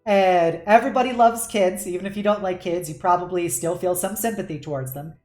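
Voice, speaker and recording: A woman's voice: lowish voice, brisk, darkish tone, reverberant, faint music behind. A woman hosting a casual streamed panel as game master, chatting loosely with frequent laughs and casual swearing.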